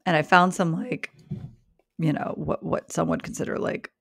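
A podcast co-host in casual chat, joking wryly with quick comebacks and reading news items aloud. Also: mid-range voice, fairly even intonation, creaky, no echo, clean studio sound.

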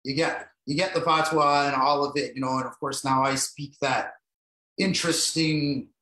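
A man's voice: medium pitch, fairly even intonation, normal speed, bright, forceful tone. A man with a Jamaican-influenced Toronto accent moderating a panel discussion over a video call, talking emphatically with many restarts. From Canada. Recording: roomy echo.

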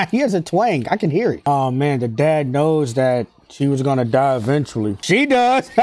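A man hosting an anime reaction video, talking in excited, slangy casual commentary, laughing often and repeating himself. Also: mid-range voice. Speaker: anime reaction channel host.

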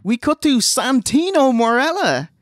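A man's voice: very high voice, very animated, unhurried, no echo, studio quality. A man co-hosting a casual review show, recapping with wry asides. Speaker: podcast co-host. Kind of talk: casual wrestling review chat.

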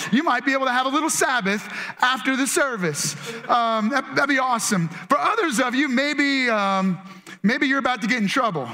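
Bright high-voiced male pastor preaching. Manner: conversational, acts out quotes in changing voices. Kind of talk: sermon.

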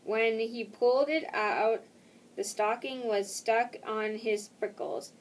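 A woman reading a children's picture book aloud, slow and careful, stopping now and then for casual asides. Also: a little high, steady tone, far from the mic, poor audio.

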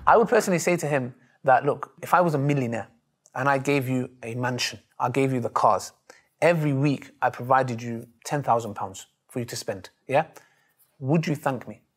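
A man, telling stories in an interview in a lively, emphatic way and acting out the voices he quotes. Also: medium pitch, normal speed, slightly rough. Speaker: Muslim preacher interviewed. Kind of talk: animated storytelling in an interview.

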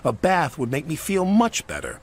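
A man's voice: a little high, huge pitch swings, normal speed, vocal fry, voice pushed up, exaggerated voice. A man voicing a small, cheeky male tank engine who talks in a plucky, indignant way. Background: music.

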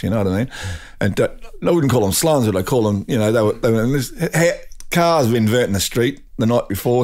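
An older man with an Australian accent, a guest telling rambling anecdotes in casual conversation, with laughs and restarts. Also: medium pitch. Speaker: guest, drag racing champion. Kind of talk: casual storytelling.

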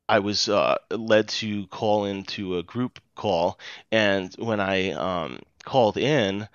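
Man, Rhode Island accent, low voice, animated storyteller, muffled dry recording. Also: smooth, no room sound. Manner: chatty, animated retelling with quoted dialogue. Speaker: guest. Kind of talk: casual storytelling.

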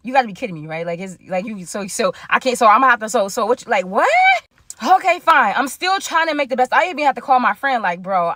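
Fast-talking woman telling a storytime. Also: on the high side, no room sound, clean studio sound. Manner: animated, acts out quoted lines with slang. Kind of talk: casual storytime narration.

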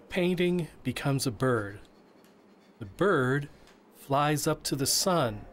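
A man voicing a signer's interview answers as interpreter, halting with frequent restarts and repeated words. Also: mid-range voice, slight background noise.

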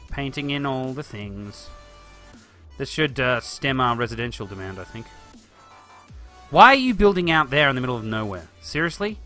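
Bright-voiced man streaming a game. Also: medium pitch, very animated, normal speed, faint music behind. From Australia. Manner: chatty, thinking aloud, talks back to chat and the game. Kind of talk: live-stream gameplay commentary.

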